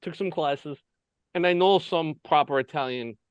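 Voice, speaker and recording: A man's voice: a little high, normal speed, clear, resonant tone, dry recording, muffled recording. A man from the United States hosting a casual interview over a video call, telling stories with many fillers and frequent laughs. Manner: laughs often, lively storytelling with many fillers. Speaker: host. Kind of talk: casual chat.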